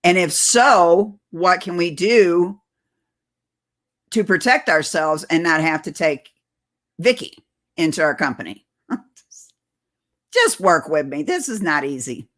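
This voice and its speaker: A woman's voice: lowish voice, expressive, takes it slowly, pauses often, fairly bright tone. A woman host talking casually to her viewers in a rambling, chatty way, often laughing. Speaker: channel host.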